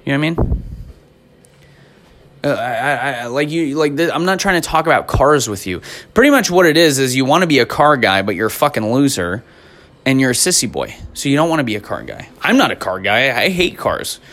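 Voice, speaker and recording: A man's voice: medium pitch, very animated, brisk, a bit bright. A man in his twenties delivering a profane, rambling stand-up rant in an exasperated tone. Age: 20s. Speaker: comedian.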